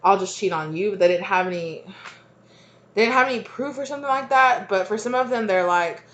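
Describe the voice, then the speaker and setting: A woman's voice: medium pitch, lively intonation, a little fast. A woman giving a casual spoken tarot reading, rambling and repeating herself with lots of fillers and chatty asides. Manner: laughs easily, chatty asides. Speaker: tarot reader.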